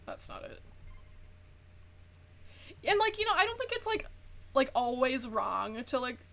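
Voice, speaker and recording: A woman's voice: high-pitched, very animated, moderate pace, vocal fry, a bit bright. A young adult woman streaming a game, chatting casually and animatedly, swearing freely and saying "like" a lot. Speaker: VTuber streamer. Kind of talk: casual chat while gaming.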